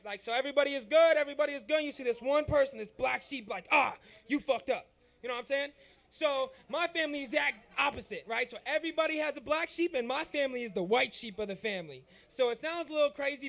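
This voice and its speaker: A man's voice: very high-pitched, gravelly, a bit bright. A man doing open mic stand-up, telling a rambling, profane story and often asking "you know what I'm saying". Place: comedy club stage.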